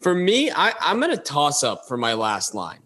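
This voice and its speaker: A man's voice: a little high, huge pitch swings, moderate pace, pushed and bright. A man co-hosting a podcast, chatting casually and acting out movie lines between laughs. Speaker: podcast co-host. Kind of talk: casual chat.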